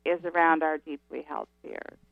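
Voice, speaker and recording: A woman guest teaching about spirituality in a radio interview, speaking in a slow, emphatic way over a phone line. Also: deep voice, lively intonation, vocal fry.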